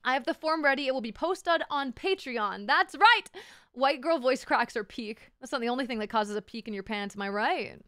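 A bubbly woman live-streamer with a high, smooth voice, chatting close to the mic in a dry, dead room. She jumps between thanking viewers and crude, teasing banter, and she laughs easily. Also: lively intonation, moderate pace, bright, forceful tone, no echo. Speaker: VTuber streamer. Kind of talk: casual live-stream chat.

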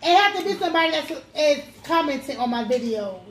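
Brief: chatty woman vlogger, high voice, echoey room with faint noise. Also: animated, brisk. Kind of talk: casual mukbang chat.

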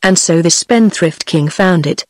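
A text-to-speech woman's voice with a British English accent, reading a fairy tale aloud in an even, measured way. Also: on the low side, no echo, poor audio. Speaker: audiobook narrator.

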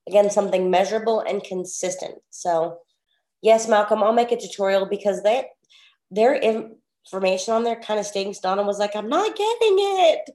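A woman's voice: mid-range voice, fairly even intonation, moderate pace, mellow. A woman running a live online trading class on a video call, chatty and laughing, with apologetic asides. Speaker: trading coach. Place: home, at night. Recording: roomy echo.

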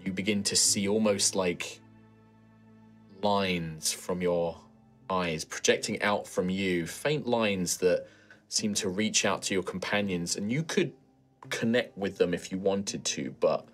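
A British man narrating a tabletop game as game master, relaxed and rambling with many fillers. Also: sits low.

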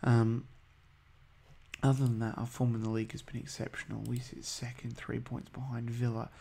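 A man's voice: mid-range voice, little pitch movement, moderate pace, gravelly, mellow, slight background noise. A man giving casual, hesitant commentary over a football management game, full of ums and uhs. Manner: chatty, hesitant, many ums. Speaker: gaming video host.

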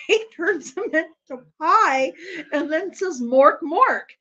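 A woman's voice: very high-pitched, lively intonation, takes it slowly, background noise. A woman hosting a live stream, chatting casually and rambling, laughing often and swearing freely. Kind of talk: casual chat while watching a game. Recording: dull lo-fi sound.

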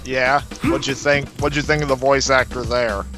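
A man's voice: mid-range voice, steady tone, moderate pace, music in the background. A young man bantering with friends over a video game and teasing them with questions. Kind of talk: casual let's-play banter.

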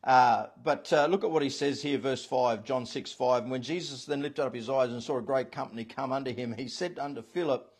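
A man's voice: medium pitch, a little fast, hardly any pauses, breathy edge. A man, preaching as a pastor with emphasis and repeating his key phrases. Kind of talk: sermon.

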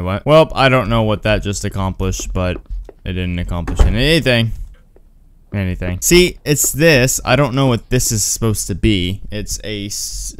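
A man's voice: on the low side, clean tone. A young man doing let's-play commentary on a horror game, muttering nervously and breaking into screams. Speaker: gaming YouTuber.

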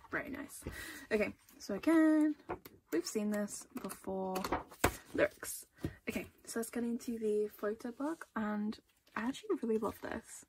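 A woman's voice: mid-range voice, creaky, a little hiss or hum. A young woman chatting casually through an album unboxing, gushing, with small gasps between items.

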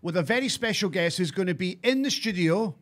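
A Scottish man hosting a studio podcast in a casual, upbeat way. He reads the sponsor messages and teases his co-host. His voice sits high for a man. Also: lively intonation, brisk, fairly bright tone.

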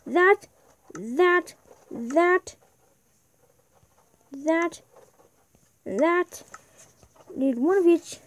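A woman's voice: very high-pitched, expressive, very slow, pauses often. A woman giving casual gameplay commentary, chatting to herself as she plays. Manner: chatty, talks to herself while playing. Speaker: gameplay video maker.

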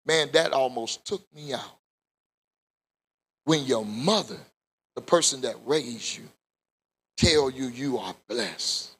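A man a Bible study sermon in call-and-response style, rising to shouts at the peaks. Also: mid-range voice, expressive, slow pace, long pauses, breathy edge. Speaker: pastor.

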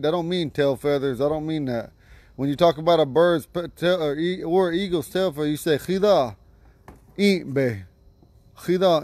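A man teaching vocabulary to a class outdoors at home, patiently repeating each word slowly. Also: fairly high pitch, a little mellow, dry recording. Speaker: language teacher.

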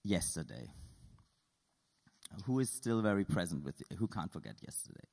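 A man with a fairly low voice leads an interactive lecture, quizzing the audience with dry, playful questions. His voice rings with the long reverb of a lecture hall. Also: animated, quick pace, a little mellow. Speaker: artist giving a lecture. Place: lecture hall at an art school.

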